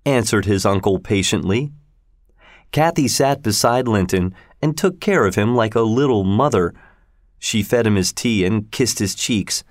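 A man narrating a storybook in a slow, measured reading style. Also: lowish voice, no echo, studio quality.

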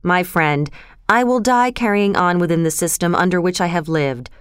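A woman voicing a cruel, cold aristocratic marquis in a storybook reading, with a smooth, dry voice. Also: on the low side, moderate pace, no room sound, natural voice. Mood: stern. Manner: cold, dismissive.

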